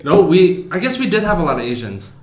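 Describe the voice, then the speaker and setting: A man's voice: high voice, sing-song, quick pace. Man, podcast host, crude teasing jokes, roomy echo, faint background hum. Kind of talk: casual podcast chat.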